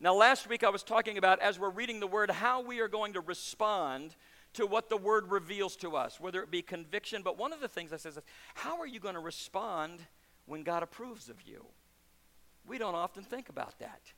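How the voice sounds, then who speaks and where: A bright, high-pitched man preaches a sermon in a church sanctuary, his voice trailing off in long hall reverb. He drops to hushed, intimate lows and then rises to loud, emphatic peaks. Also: lively intonation, normal speed. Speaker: pastor.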